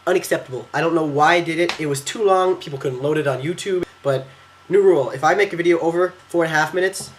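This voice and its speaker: Teenage boy, vlogger, rapid excitable storytelling, silly quote voices, computer webcam mic, at home. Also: a little high, a little hiss or hum. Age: teens. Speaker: exchange student vlogger. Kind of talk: casual storytelling vlog.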